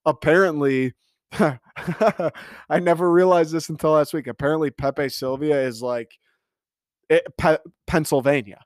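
A young man in his twenties hosting a solo podcast, rambling excitedly with frequent swearing. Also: a little high, measured pace, dry recording, studio quality. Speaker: podcast host. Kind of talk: casual solo podcast monologue.

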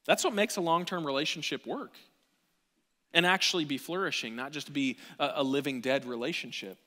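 Animated high-voiced preacher in a reverberant hall. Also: male voice, fairly quick. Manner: animated preaching, swings from quiet asides to near-shouting. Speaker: pastor. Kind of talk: sermon. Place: church sanctuary.

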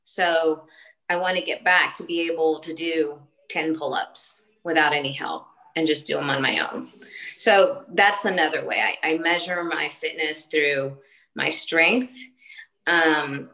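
A woman in her late forties, a fitness trainer, chats earnestly during a casual podcast interview, speaking in short phrases that keep restarting. Her voice is low with a sharp tone and an unhurried pace. The recording quality is low.

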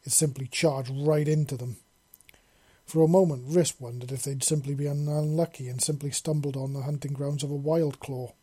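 Husky male story narrator. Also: on the high side, steady tone, moderate pace, dark tone, no echo. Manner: plain narration with frequent restarts. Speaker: story reader. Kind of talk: reading fan fiction aloud.

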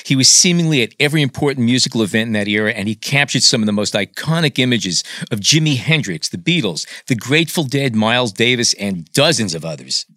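A man's voice: medium pitch, animated, fast talker, hardly any pauses, pushed and bright, no room sound, studio quality. A man hosting a podcast, introducing his guest and praising her work with enthusiasm. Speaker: podcast host. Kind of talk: podcast interview.

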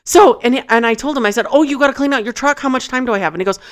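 A woman's voice: sits high, racing. A woman on a podcast telling a funny story in casual chat, acting out quotes, laughing often and swearing. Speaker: podcast co-host.

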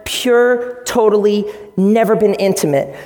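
A man preaching a sermon as pastor, energetic and playful, speaking directly to the congregation. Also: sits high, measured pace, soft background music. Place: church sanctuary. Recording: long reverb of a large hall.

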